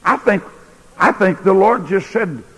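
A man preaching a sermon in a large church, folksy, swinging between loud bursts and quiet asides. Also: sits high, lively intonation, measured pace, husky. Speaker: pastor. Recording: echoey church hall recording.

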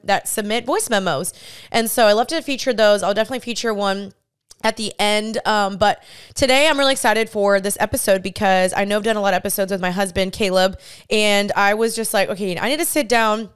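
Bubbly woman in her twenties, smooth voice. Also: medium pitch, fairly bright tone. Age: 20s. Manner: bubbly, chatty, laughs often. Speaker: podcast host. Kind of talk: casual solo podcast chat. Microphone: studio podcast mic, seen on camera.

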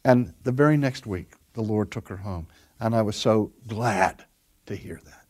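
Older guy pastor giving a sermon, tells stories, goes soft then loud for emphasis. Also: on the low side, a little slow. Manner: storytelling, varies loudness from soft to emphatic.

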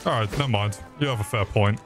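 A man's voice: lowish voice, quick pace. A young man streaming a game, grumbling and joking crudely with lots of swearing as he plays. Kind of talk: live gameplay commentary. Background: game music.

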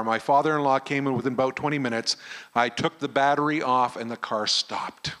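A middle-aged man, a pastor telling a personal story in a sermon at a camp meeting and acting out the dialogue. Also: medium pitch. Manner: animated storyteller who acts out the dialogue.

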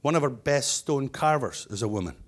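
A middle-aged man giving a keynote, spinning funny anecdotes in a loose, chatty way. He circles back and restarts as he talks, and his voice sits at an ordinary middle pitch. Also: lively intonation, brisk. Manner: humorous storyteller, chatty with restarts. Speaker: keynote speaker, stonemason business owner.

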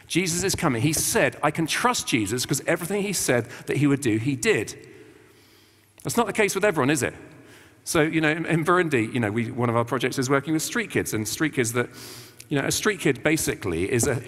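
A man's voice: medium pitch, expressive, brisk, fairly bright tone. A man from England giving an informal, chatty sermon, full of slang and acted-out quotes. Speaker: visiting preacher. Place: church. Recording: long church reverb.

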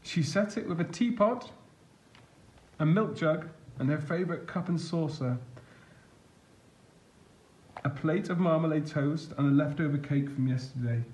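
A man reading a picture book aloud as a storyteller, gentle and expressive. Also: on the high side, measured pace, pauses often, echoey room.

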